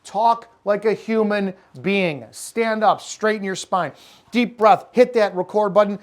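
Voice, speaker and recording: A man's voice: sits high, a little slow. Blunt, profane male sales coach. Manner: blunt and profane, acting out sales calls in character. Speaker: network marketing sales coach. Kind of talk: unscripted motivational talk.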